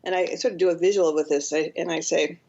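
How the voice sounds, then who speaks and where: A woman's voice: lowish voice, steady tone, fast talker, vocal fry, dark tone, dull audio. A woman guest on a podcast, a counselor and author, explaining in an earnest way and sometimes acting out what people say. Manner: earnest, explanatory, acts out quotes. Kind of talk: podcast interview.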